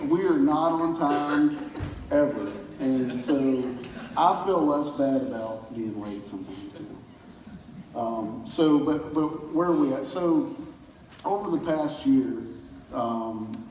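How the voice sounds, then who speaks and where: A pastor giving a casual church talk, telling folksy stories with chuckles in a community center hall. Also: male voice, medium pitch, noisy background. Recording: roomy hall from far off.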